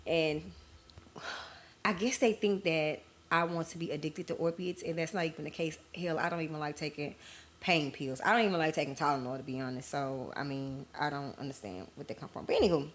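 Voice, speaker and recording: Low-pitched lady host just chatting candid with her listeners, casual storytelling. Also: brisk. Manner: candid, conversational, addresses listeners as y'all. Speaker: podcast host.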